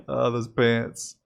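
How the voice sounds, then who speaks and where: Animated man telling tech news. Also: medium pitch, vocal fry. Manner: chatty, laughs often, animated storytelling. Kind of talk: casual news chat.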